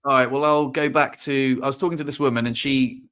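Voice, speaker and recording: A man co-hosting a podcast, telling stories in casual video-call chat, halting and full of restarts. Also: medium pitch, fairly even intonation, a bit bright, clean tone. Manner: halting, many restarts and fillers. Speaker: podcast co-host.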